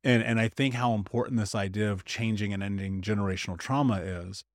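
A man hosting a podcast interview, reflective and measured, with casual swearing. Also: on the low side, dry recording, studio quality. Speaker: podcast host. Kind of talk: conversational interview.

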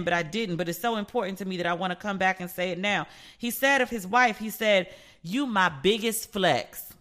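Bright-voiced sassy woman host. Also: mid-range voice. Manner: animated storyteller who acts out quoted people; sassy and playful. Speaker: podcast host. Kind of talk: casual chat, gossip commentary.

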